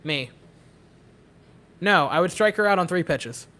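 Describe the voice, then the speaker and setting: A young man chatting casually at a home watch party, giving a nervous, excitable running commentary on a baseball game. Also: high-pitched, measured pace. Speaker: host. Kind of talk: casual chat.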